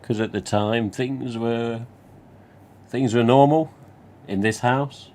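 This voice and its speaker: Nottingham man hosting a home live stream, casual rambling delivery, swears freely, mid pitch. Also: slow, a little mellow. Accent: Nottingham English. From England. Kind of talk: casual storytelling.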